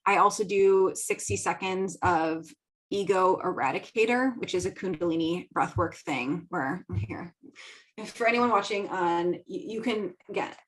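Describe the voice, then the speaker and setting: A woman's voice: fairly low pitch, a little slow, poor audio. Chatty, giggly woman podcast host. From American Midwest. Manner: chatty, giggly, filler-heavy. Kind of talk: casual solo talk. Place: home studio.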